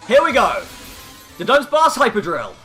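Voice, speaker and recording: A man giving excitable live commentary over his own competitive video game battle. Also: very high-pitched, moderate pace, soft background music. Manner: excitable, hyping up big plays.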